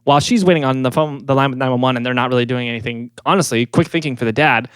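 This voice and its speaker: A man co-hosting a laid-back podcast, walking through a story and laughing along as he goes. He breaks into playful voices for the people in it. His voice is mid-pitched and recorded dry and close. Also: racing, a bit bright, clear, resonant tone, no room sound. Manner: laughs often, acts out quotes in funny voices. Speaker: podcast co-host. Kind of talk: casual storytelling chat.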